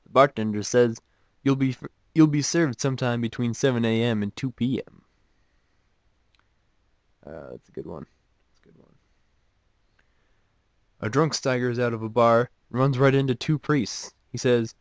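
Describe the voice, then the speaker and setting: A man reads one joke after another in a relaxed, offhand way, then undercuts each with dry, mocking remarks of his own. His voice sits at an ordinary mid pitch, and the recording is close and dead, with no room sound around him. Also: moderate pace, long pauses, no echo. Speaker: host reading jokes. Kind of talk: casual joke reading with commentary.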